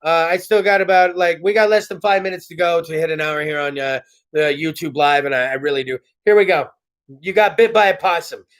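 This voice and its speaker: A man with a notably high voice hosts a live-streamed comedy podcast from home. He rambles and swears freely, breaks into mock voices mid-story and laughs at his own bits. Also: a little fast, fairly bright tone. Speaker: podcast host. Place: home studio.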